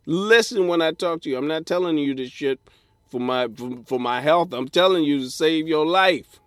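A man's voice: fairly high pitch, normal speed, no room sound, clean studio sound. A man hosting a podcast, giving blunt, profane dating advice in a comedic solo rant and mocking people in put-on voices. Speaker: podcast host.

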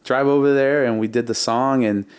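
A man casually telling stories in an interview, lively, acting out beats and quoting others. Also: medium pitch, moderate pace, clear, resonant tone. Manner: animated, imitates beats and quotes others. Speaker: music producer guest.

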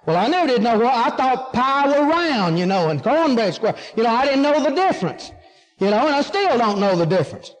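Preacher guy, real high voice, stretches out words, hall echo all around. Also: very animated, a little fast. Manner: emphatic, asks and answers his own questions, drawls key words. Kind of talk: sermon. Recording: long hall reverb.

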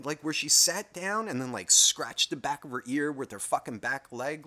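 Animated, foul-mouthed man telling stories. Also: fairly high pitch, moderate pace. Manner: rambling, heavily profane. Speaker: host. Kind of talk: casual comedic storytelling monologue.

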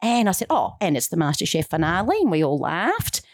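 A woman's voice: on the low side, brisk, no echo, clean studio sound. A middle-aged woman being interviewed as a guest, telling her story in an earnest, heartfelt way and acting out the dialogue she quotes. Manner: animated, acts out quoted dialogue.

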